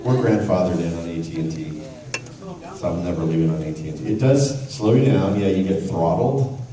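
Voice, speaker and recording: A man's voice: deep voice, brisk, mellow. A middle-aged man, a voice actor, joking with a convention audience and drifting off on tangents. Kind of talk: casual convention panel talk. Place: large convention hall. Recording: echoey hall, taped from far off, crowd noise. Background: audience laughter and crowd.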